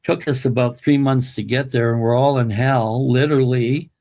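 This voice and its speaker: A man's voice: medium pitch, steady tone, moderate pace, a little mellow. A man telling a personal family story as an interview guest, emphatic and emotional.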